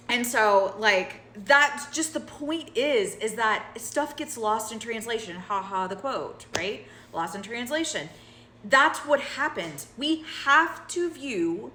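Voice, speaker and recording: Woman, casual vlog, emphatic and chatty, middle pitch, roomy echo. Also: pushed and bright, slight background noise. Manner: emphatic and conversational, with frequent "like" and "right?". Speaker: creator.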